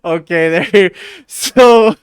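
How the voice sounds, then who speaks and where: A man's voice: high voice, extremely slow, clear, resonant tone. A man streaming live, chatting casually to his viewers, swearing freely and rambling between bursts of laughter. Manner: profane, rambling, laughs a lot.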